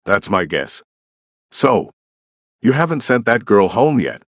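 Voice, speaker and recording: A man's voice: lowish voice, sing-song, slow, no echo, clean studio sound. A man voicing a suspicious, paranoid male hacker who speaks in curt, dismissive, accusing remarks.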